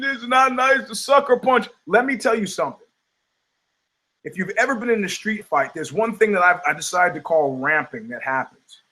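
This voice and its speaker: A man's voice: high-pitched, slightly rough. An older man hosting a talk show, ranting in a casual, profane way and acting out the voices of people in his stories. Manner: animated storytelling, acting out quoted voices, profane. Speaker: podcast host.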